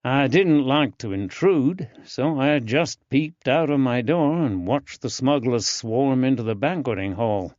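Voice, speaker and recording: A male narrator voicing an earnest, eager young man with a soft drawling accent in an audiobook. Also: medium pitch, expressive, measured pace, few pauses, dry recording, muffled recording, natural voice.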